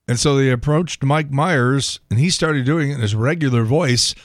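A man's voice: medium pitch, moderate pace, no echo, clean studio sound. An older American man hosting a radio podcast, telling stories in a wry, sardonic way. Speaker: radio host. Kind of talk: casual solo podcast monologue.

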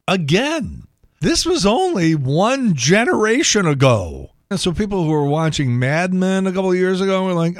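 A man's voice: on the high side, very animated, moderate pace, a bit bright, dry recording. Casting: older American male radio host, sardonic monologue, dead-dry booth sound. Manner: wry, sardonic storytelling. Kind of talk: casual solo podcast monologue.

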